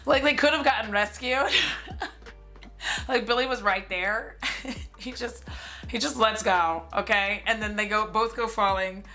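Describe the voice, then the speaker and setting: A woman's voice: medium pitch, unhurried, pauses often, pushed and bright, faint music behind. A woman in her forties giving a casual, sarcastic movie recap, with lots of "like" and some swearing. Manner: chatty and sarcastic, heavy use of "like", swears freely. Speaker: movie commentary streamer.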